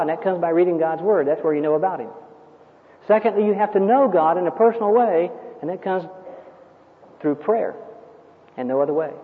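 A man preaching a sermon, emphatic and storytelling, often asking rhetorical questions. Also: high voice. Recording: tinny lo-fi sermon recording with long hall reverb.

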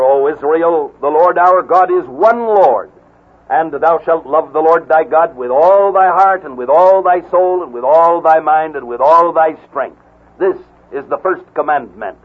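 Male radio preacher with a husky, slightly high voice, slow and deliberate, phone-thin broadcast quality. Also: narrow, tinny audio. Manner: slow, deliberate, emphatic reading of scripture. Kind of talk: radio Bible teaching.

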